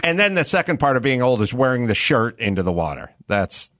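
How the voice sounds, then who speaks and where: A man's voice: mid-range voice, big pitch swings, a little fast, a bit bright, no echo, clean studio sound. A middle-aged man hosting a podcast, telling rambling observational stories in casual chat. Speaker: podcast host.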